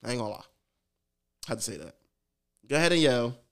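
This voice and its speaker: A man's voice: mid-range voice, sing-song, brisk, gravelly. A man co-hosting a podcast, telling stories in slangy, profane casual chat. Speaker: podcast co-host.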